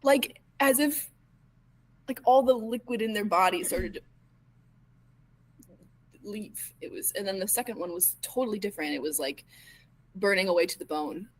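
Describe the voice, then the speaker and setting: A woman's voice: mid-range voice, poor audio. Stammering woman role-playing in character. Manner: halting, stammering, lots of fillers and restarts. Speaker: tabletop role-playing player. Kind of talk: in-character role-play recounting events.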